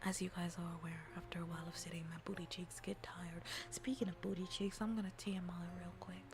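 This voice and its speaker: A woman streamer chatting casually in a soft ASMR style, rambling and giggly, often dropping into whispers. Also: lowish voice, little pitch movement, quick pace, over loud music.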